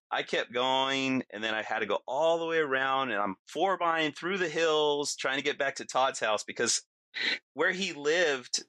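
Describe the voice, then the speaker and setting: A middle-aged man as a podcast guest, telling a story in casual talk, animated and laughing often, acting out what people said. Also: mid-range voice, no room sound.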